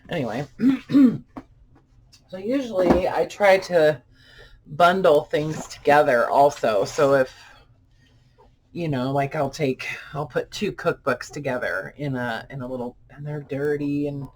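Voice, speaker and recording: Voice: mid-range voice, a little hiss or hum. A vlogger chatting casually while unboxing old books, rambling and full of fillers. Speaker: vlogger showing book finds.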